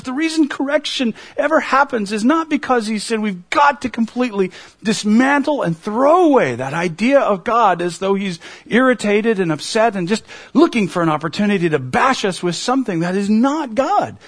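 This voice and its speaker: A middle-aged man preaching a sermon, earnest and emotional, his voice climbing toward a near shout at the high points. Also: expressive, moderate pace, breathy edge. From United States. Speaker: pastor.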